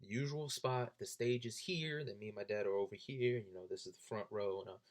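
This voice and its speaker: A young man telling a story in a casual, animated way, his voice jumping high when he gets excited. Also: a little fast. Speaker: vlogger.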